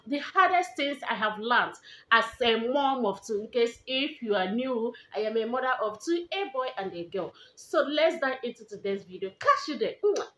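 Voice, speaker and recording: A young Nigerian woman with a Nigerian accent chatting on her vlog and giving advice in an animated way, repeating herself for emphasis. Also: a little high, reverberant. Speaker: vlogger.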